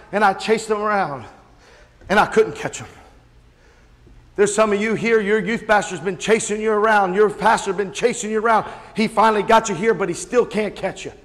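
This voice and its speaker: Male pastor, high tenor, sermon storyteller, recorded with a long hall echo. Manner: storytelling preacher who shouts out quoted voices. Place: church sanctuary. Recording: long reverb of a large hall.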